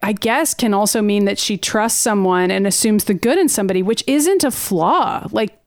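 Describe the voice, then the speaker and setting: A woman's voice: medium pitch, animated, moderate pace, no room sound, studio quality. A woman co-hosting a podcast in casual chat, talking freely with frequent swearing and laughter. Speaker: podcast co-host.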